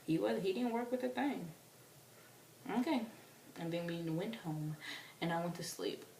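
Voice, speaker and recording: A young woman telling a story to camera in a casual, animated way, acting out quotes in squealing voices. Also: fairly low pitch, normal speed, creaky, recorded from a distance. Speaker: vlogger. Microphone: camera mic from a distance. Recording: roomy, off-mic, faint hiss.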